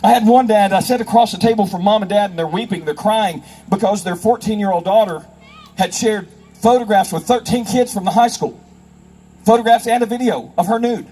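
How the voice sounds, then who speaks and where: A man's voice: sits high, fairly quick, mellow, husky, faint music behind, rough recording. A middle-aged man, a federal investigator, telling emphatic anecdotes to a live audience and acting out the people in them. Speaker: federal investigator speaking on child safety. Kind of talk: storytelling speech to a live audience.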